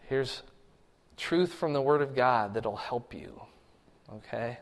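A man preaching a sermon from the pulpit as pastor, swelling in pitch and force on key phrases. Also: slow pace, long pauses, clear, resonant tone, in a large hall. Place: church sanctuary.

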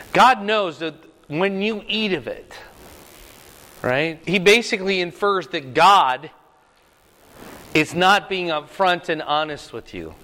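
A slightly higher-voiced man leads a Bible study in an easy, conversational way. He keeps checking in with the class through rhetorical questions. His voice rings out with a long reverb, as in a large hall. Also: lively intonation, slow, a bit bright. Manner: conversational, frequent rhetorical "right?".

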